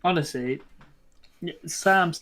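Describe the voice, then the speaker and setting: A man's voice: a little high, takes it slowly. Young British man telling stories. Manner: animated storytelling, acts out customers' lines. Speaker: podcast co-host. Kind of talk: casual chat.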